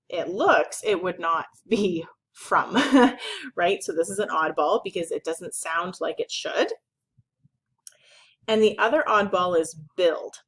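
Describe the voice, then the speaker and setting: A woman's voice: on the low side, fairly bright tone, low-quality recording. A young woman teacher patiently explaining a phonics spelling sort, stretching out vowel sounds to model them.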